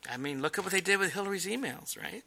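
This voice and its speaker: Sharp, animated man giving commentary. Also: high voice, quick pace, gravelly. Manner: emphatic, sarcastic. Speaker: political commentator. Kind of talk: explanatory commentary.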